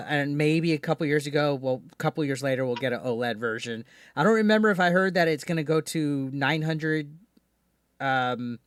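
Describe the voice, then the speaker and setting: A man's voice: on the high side, fairly bright tone, no room sound, clean studio sound. A man hosting a live call-in stream, talking casually with frequent restarts and swearing. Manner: rambling, profane, many restarts. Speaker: streamer host.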